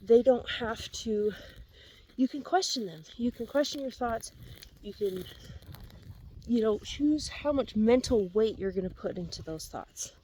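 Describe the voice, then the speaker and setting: A woman's voice: fairly high pitch, lively intonation, a little slow, warm tone, poor audio. A woman talking earnestly and encouragingly while out of breath on a windy outdoor walk with her dog, repeating herself as she gives advice. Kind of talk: casual walking vlog advice.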